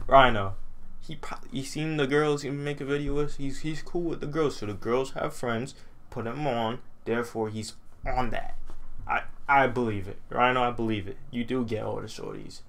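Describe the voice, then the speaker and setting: A young man talks through a song as he reacts to it, chatty and excitable, circling back over the same words. His voice sits at an ordinary middle pitch for a man. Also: moderate pace. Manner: chatty and excitable, repeats himself, drops deep for a mocking impression. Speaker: reaction video host. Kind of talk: casual reaction commentary.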